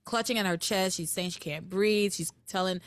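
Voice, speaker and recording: A woman's voice: lowish voice, normal speed, no echo. A woman co-hosting a podcast, recapping a soap opera in casual chat and acting out quoted lines in exaggerated voices. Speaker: podcast co-host.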